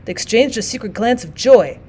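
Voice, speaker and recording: A woman teacher reading a classic novel aloud in clear, expressive audiobook narration. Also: a little high, fairly quick.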